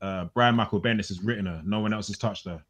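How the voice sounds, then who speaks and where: A young man co-hosting a casual chat, retelling a story in a rambling, animated way. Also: lowish voice, quick pace. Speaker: co-host of a comic podcast.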